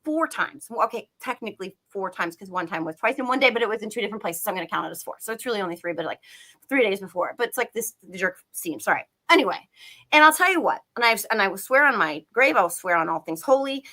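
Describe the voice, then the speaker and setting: A woman's voice: mid-range voice, expressive, quick pace, pushed and bright. A woman giving a heated, profane political rant on a live talk show, talking emphatically. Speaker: political commentator.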